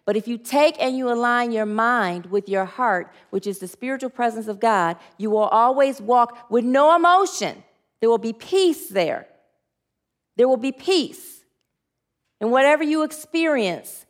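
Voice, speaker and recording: A woman's voice: fairly high pitch, lively intonation, unhurried. Earnest woman leading spiritual affirmations. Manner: earnest, leads call-and-response affirmations, frequent restarts. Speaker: spiritual teacher. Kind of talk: sermon with group affirmations.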